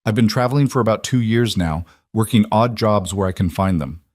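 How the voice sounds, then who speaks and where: A man's voice: lowish voice, darkish tone, no echo, clean studio sound, lightly acted. A man doing a guarded young woman drifter. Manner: careful, measured.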